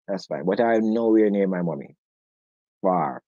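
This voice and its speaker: A man's voice: low voice, expressive, unhurried, dark tone, dry recording, lo-fi sound. A man hosting a live-stream chat in a playful, joking way. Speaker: host of a live discussion stream.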